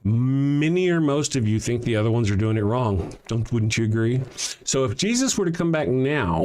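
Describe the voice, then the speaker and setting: A man with a medium-pitched, darkish voice hosts a livestream and reads his chat aloud. His replies are sarcastic, mocking rhetorical questions laced with frequent swearing.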